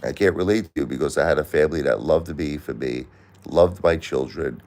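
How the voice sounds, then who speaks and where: A man's voice: rumbling low, brisk, darkish tone. A middle-aged man hosting a live stream, giving blunt, repetitive advice to a caller, close to tears. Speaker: livestream host.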